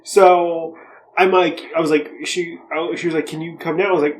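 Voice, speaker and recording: A man's voice: a little high, little pitch movement, normal speed, poor audio. Rambling, profane young man. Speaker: podcast co-host. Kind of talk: casual chat.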